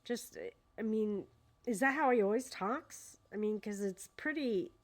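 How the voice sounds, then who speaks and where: A woman's voice: on the high side, unhurried. A woman at home casually reading a court deposition aloud and commenting on it, hesitant and full of fillers, sounding incredulous. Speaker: true crime commentator. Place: at home with her dogs.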